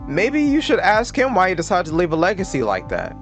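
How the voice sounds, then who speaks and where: A man's voice: high voice, wildly swooping pitch, a little fast, soft background music. A man ranting in casual political commentary, sarcastic, profane and exasperated.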